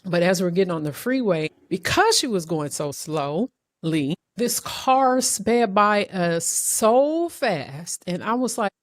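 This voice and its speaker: A woman hosting a podcast, telling a story in an animated, emotional way with many restarts. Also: mid-range voice, slow pace, dry recording, clean studio sound. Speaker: podcast host. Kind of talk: casual interview chat.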